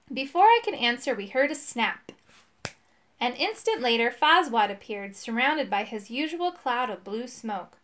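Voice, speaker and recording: A woman reading a children's story aloud with expressive, lively storytelling. Her voice sits fairly high. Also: measured pace. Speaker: narrator.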